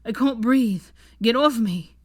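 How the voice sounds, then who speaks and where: A woman's voice: fairly low pitch, a little slow, darkish tone. Woman voicing a panicked, sobbing young man. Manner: hoarse, stuttering, desperate. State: panicked, crying.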